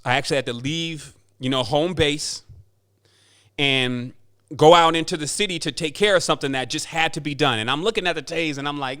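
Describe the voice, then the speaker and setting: A man hosting a spiritual podcast, talking in an emphatic, preachy monologue and mimicking people in quick asides. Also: on the high side, bright, forceful tone. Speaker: podcast host.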